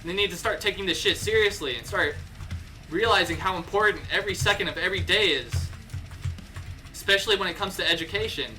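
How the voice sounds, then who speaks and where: A young man on a livestream, riled up and cursing as he rants, often stumbling and starting his sentences over. His voice is very bright and sits a bit high for a man, with soft guitar music playing underneath. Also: fast. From United States. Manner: heated, profane, ranting with restarts. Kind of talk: casual livestream rant.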